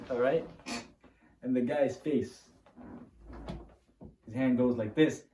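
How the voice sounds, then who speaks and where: A man telling a personal story to the camera in a casual, animated way, acting out the moves as he talks. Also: mid-range voice, slow pace, long pauses, slight background noise. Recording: roomy, from a distance to the mic.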